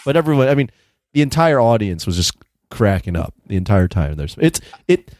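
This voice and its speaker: A man's voice: lowish voice, big pitch swings, brisk, darkish tone, dry recording, clean studio sound. A man on a podcast chatting casually about a movie, thinking aloud and often restarting his sentences. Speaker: podcast co-host. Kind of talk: casual movie review chat.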